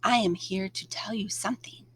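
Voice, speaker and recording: A woman reading aloud, voicing a gentle, wise spirit rabbit that speaks slowly and softly in a lowered voice. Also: husky. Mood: solemn. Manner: slow, soft, solemn.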